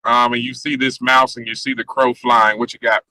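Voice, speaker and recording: A man running a tabletop game as game master, talking casually with many pauses and fillers. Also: medium pitch, flat delivery, bright, forceful tone, no echo, low-quality recording.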